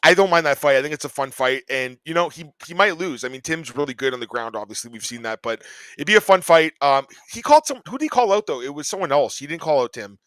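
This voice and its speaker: A man hosting a podcast, chatting casually and excitedly about fight results. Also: on the high side, fast, no echo. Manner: excitable, animated fan talk. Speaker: podcast host. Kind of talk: casual sports chat.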